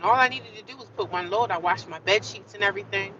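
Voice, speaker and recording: A woman vlogging on a livestream, venting with animated, repetitive storytelling. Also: medium pitch, quick pace, recorded from a distance, dull audio, a little hiss or hum.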